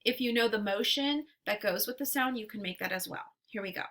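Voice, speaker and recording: A woman teacher leading a phonics lesson for young children, patient and deliberate, stretching out sounds and syllables. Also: mid-range voice, fairly bright tone.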